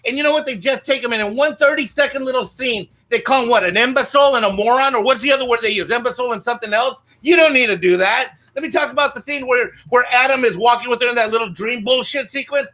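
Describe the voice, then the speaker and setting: A man with a very high, sharp voice launches into an angry, profane rant on a live panel show. He is a bit tipsy and keeps circling back to the same phrases as he fumes. His tone stays forceful and cutting throughout. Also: fast, few pauses. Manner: angry, swearing, repeats "you know what". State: a little tipsy from drinking.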